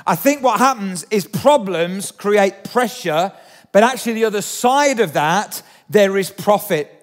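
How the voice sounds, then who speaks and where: A man's voice: high-pitched, expressive, a little slow. A man preaching a sermon in a church, chatty, often asking the congregation questions. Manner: conversational, asks the congregation questions. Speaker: pastor. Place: church hall. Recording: long hall reverb.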